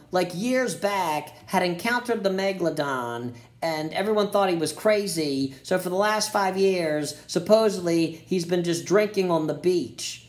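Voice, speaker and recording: A man giving a profane comedic movie review, ranting sarcastically and slipping into jokey voices. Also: sits high. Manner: crude, sarcastic rants with jokey put-on voices.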